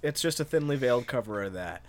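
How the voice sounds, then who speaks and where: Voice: mid-range voice, expressive, quick pace, crowd noise. A podcast co-host in casual chat, tossing in joking quips.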